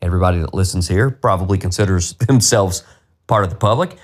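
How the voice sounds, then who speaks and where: A man's voice: deep voice, quick pace. A man hosting a solo podcast, ranting with exasperation and plenty of profanity. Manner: profane, exasperated, animated rant. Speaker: podcast host.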